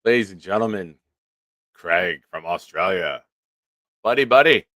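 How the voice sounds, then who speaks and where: A man's voice: low-pitched, expressive, a little slow, sharp tone, no room sound, studio quality. A man hosting a sports livestream who chats loosely, swears freely, and reads out viewer comments. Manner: loose and profane, laughs easily. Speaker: livestream sports show host. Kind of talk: casual live-stream chat, reading viewer comments.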